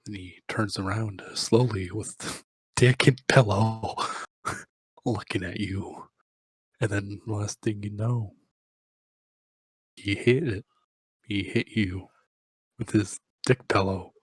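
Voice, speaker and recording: A man's voice: fairly low pitch, steady tone, slow, pauses often, slightly rough, dry recording. A man telling a rambling, crude, improvised comic story, often breaking into laughter.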